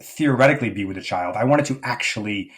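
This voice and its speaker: A man's voice: on the low side, fast talker. A man being interviewed as a guest, a life coach telling a personal story earnestly, with many fillers.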